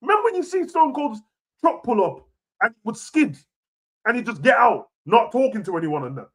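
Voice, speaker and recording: A young man rants casually about wrestling, full of slang and swearing, swinging between low mutters and loud outbursts. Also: big pitch swings, a little fast. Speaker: wrestling reaction host. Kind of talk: casual rant.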